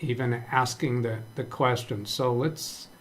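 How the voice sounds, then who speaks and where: A man hosts a live computer tutorial from a home desk with several monitors. He thinks aloud, reads out chat messages and often restarts his sentences. His voice sits at an ordinary middle pitch. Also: steady tone, a little slow, slight background noise. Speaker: live stream tech trainer. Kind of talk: casual live-stream tutorial.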